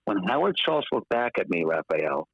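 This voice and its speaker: A man telling a story in casual podcast chat, lively and acting out the voices of the people he quotes. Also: on the low side, normal speed, no room sound. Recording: dull, dry podcast audio.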